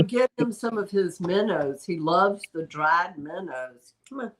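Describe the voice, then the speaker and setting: A woman's voice: lowish voice, normal speed, hardly any pauses, fairly bright tone, a little hiss or hum. A woman hosting a livestream as a psychic medium, telling a rambling story in casual chat and stopping now and then to talk to her pet.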